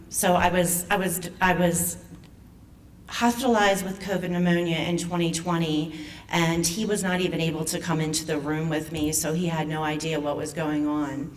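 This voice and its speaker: Casting: woman in her 50s, lowish voice, nervous and halting, picked up from afar in a hall. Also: fairly even intonation. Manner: nervous and emotional, halting with restarts. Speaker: foundation president and patient speaker. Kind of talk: personal story told to an audience. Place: event venue. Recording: distant mic with faint room noise.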